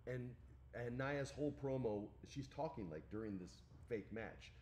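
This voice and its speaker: A man in his forties co-hosts a podcast, telling an animated story in casual chat. His pitch swings widely as he acts out the lines and swears freely. A faint hiss sits under his voice. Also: measured pace. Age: 40s. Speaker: podcast co-host.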